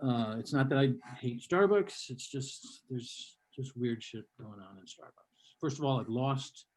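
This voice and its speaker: A man's voice: medium pitch, a little slow, a little mellow, a little hiss or hum. Grumpy older man doing stand-up. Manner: grumpy, sardonic, mock-hostile rants. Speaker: stand-up comedian. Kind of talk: stand-up comedy set. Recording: live comedy club with audience.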